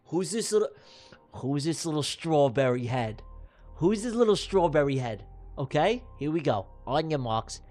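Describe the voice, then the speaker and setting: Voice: mid-range voice, normal speed, faint music behind. Playful livestream host calling races. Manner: excitable, teasing and joking; repeats catchphrases for emphasis. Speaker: livestream host running giveaway draws. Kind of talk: playful live race commentary. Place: live stream broadcast.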